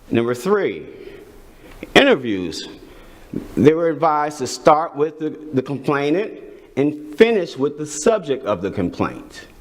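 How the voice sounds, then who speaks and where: Man reading a formal briefing. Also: medium pitch. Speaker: district staff presenter.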